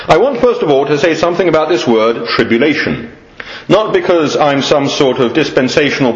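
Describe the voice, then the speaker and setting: English man, sermon, earnest and measured, lively pitch, echoey lo-fi room sound. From England. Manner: measured, earnest preaching with rising emphasis and trailing low endings. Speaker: preacher.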